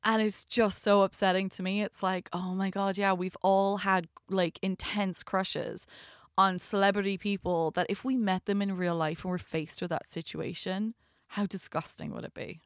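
A woman's voice: medium pitch, moderate pace, smooth, no room sound, studio quality. A woman co-hosting a casual podcast, talking through a movie and acting out quoted lines as she goes. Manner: conversational, animated retelling with quoted asides. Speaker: podcast co-host. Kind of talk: casual chat reviewing a movie.

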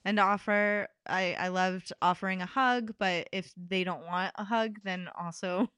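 A woman interviewer speaking in an unhurried, affirming way with soft laughs. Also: mid-range voice, steady tone, clear, resonant tone, no room sound, studio quality. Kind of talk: conversational interview.

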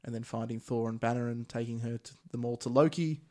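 A man's voice: medium pitch, fast. Chatty man recapping a movie. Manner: recaps plot in a relaxed, chatty way with Australian slang. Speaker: podcast host. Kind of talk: casual movie recap chat.

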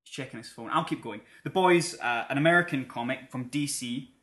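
A man's voice: medium pitch, a little fast, fairly bright tone, roomy sound. A man co-hosting a podcast, chatting casually and rambling with frequent laughs. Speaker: podcast co-host. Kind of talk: casual chat.

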